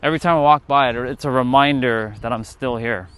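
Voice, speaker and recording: Smooth-voiced Canadian man chatting while walking. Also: medium pitch, a bit bright. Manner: rambling, thinking aloud with pauses and restarts. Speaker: livestream host. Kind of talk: walking livestream chat. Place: outdoors, walking through a city street. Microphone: phone.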